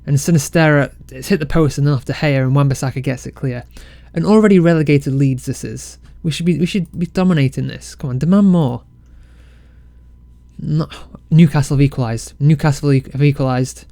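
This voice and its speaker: A man casually commentating his football management game, excitable and self-mocking. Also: a little high, a little fast, vocal fry, dry recording. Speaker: game let's-play creator.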